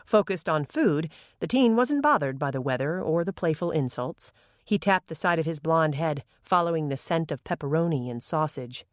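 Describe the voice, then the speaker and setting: Measured audiobook narrator, mid-pitched, dry close sound. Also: dry recording. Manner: measured, even reading. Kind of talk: scripted narration.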